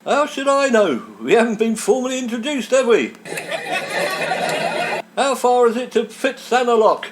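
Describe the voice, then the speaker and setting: A man's voice: extremely high pitch, lively intonation, moderate pace, long pauses, heavy background noise, pitched above the performer's own voice. A man voicing an indignant, pompous middle-aged English comedian in a comedy sketch. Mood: exasperated. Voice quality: huffy, pompous.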